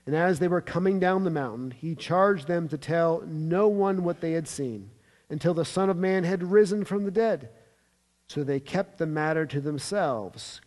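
High-voiced preacher in a reverberant hall. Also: male voice. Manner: animated storytelling, emphatic, with light humor. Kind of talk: sermon. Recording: long reverb of a large hall.

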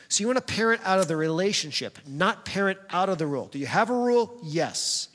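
Male pastor, high voice, chatty storytelling sermon, long hall echo. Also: very animated, fast, few pauses, a bit bright. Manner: conversational, storytelling, talks directly to the congregation.

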